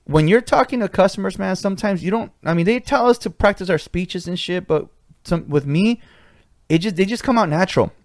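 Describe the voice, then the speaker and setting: A man's voice: high-pitched, brisk, no room sound, clean studio sound. A man hosting a podcast, telling a cocky work story in a casual, profane way. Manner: profane, swaggering anecdote-telling. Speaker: podcast host.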